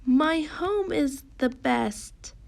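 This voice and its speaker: A woman's voice: high voice, animated, darkish tone, voice pushed up, exaggerated voice. A woman reading as a proud storybook squirrel. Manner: slow, clear storybook reading.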